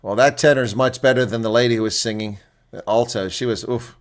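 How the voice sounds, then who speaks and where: A man's voice: mid-range voice, fairly even intonation, fast talker. A man hosting live rugby reaction commentary, reading out team lineups and chatting bluntly with viewers. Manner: chatty, blunt, exclaims often.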